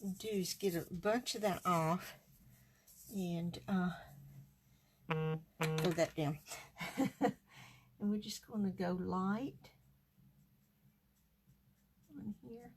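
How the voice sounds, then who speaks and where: A woman's voice: medium pitch, slow pace, long pauses, a little hiss or hum. A woman chatting in a folksy way as she demonstrates card stamping on a livestream. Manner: folksy, chatty, talks while working. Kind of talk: casual craft demonstration.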